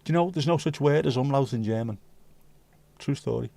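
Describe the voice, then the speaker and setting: A man's voice: mid-range voice, a little fast, creaky, warm tone, dry recording. A man hosting a casual livestream, reading out viewer comments with jokey banter and slipping into bits of Dutch and Spanish. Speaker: livestream host.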